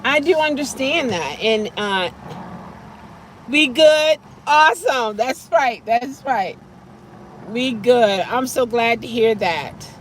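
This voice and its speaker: A woman chatting casually on a live stream from her car, animated and quick to laugh, sometimes dropping to a whisper. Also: fairly high pitch, slight background noise. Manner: animated, laughing often, drops to a whisper at times. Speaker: vlogger answering live chat.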